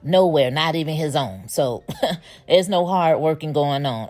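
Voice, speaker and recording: A woman hosting a casual, opinionated TV episode recap, chatting and laughing as she retells the plot. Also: sits low.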